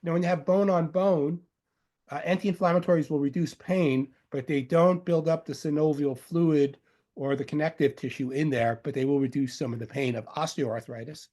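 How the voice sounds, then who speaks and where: A Long Island, New York man speaks at normal speed in a mellow, steady voice on the high side, with a faint local accent. His informal lecture on medicinal herbs is rambling and jokey, peppered with fillers and self-corrections.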